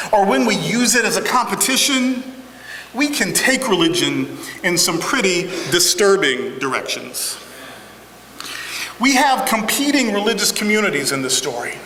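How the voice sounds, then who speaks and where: A man's voice: high voice, bright, forceful tone, a little hiss or hum. A man in his forties preaching a sermon as pastor, with humorous, self-deprecating asides. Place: large church sanctuary. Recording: echoey church hall with congregation.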